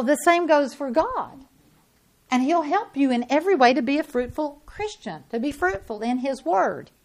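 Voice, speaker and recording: A woman preacher delivers a sermon in a somewhat high voice. She talks in a folksy, conversational way and pushes her points with growing force. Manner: folksy, emphatic, rising to loud insistence.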